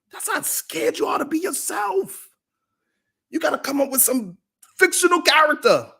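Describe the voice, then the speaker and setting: A man hosting a podcast, delivering a mocking roast monologue that swings from loud shouts to low mutters. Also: creaky, husky. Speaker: podcast host.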